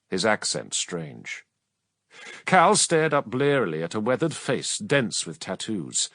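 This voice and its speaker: A male narrator reading science-fiction fiction with a lively, widely moving pitch. He pushes through action with dramatic urgency and drops to a hushed tone in quieter passages. The recording is dry and close. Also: unhurried, no echo. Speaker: audiobook narrator. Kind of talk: scripted narration.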